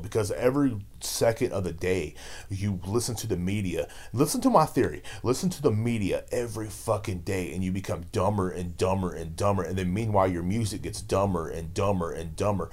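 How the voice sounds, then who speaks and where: A man's voice: sits low, darkish tone. A man hosting his own podcast, ranting on his own in a rambling, fired-up way, swearing constantly. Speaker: podcast host. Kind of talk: casual solo rant.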